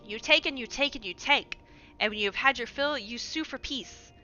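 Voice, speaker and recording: Bitter old kobold chieftain, bright commanding voice, read by a woman streamer. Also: fairly high pitch, moderate pace, dull audio, soft background music. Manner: commanding, declamatory. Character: stern old male kobold patriarch, bitter.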